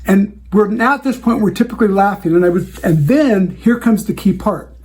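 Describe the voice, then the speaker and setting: A man's voice: sits high, normal speed, a little mellow. A man who hosts a show for wedding DJs, talking through client advice in a casual, conversational way and acting out the dialogue he has with clients.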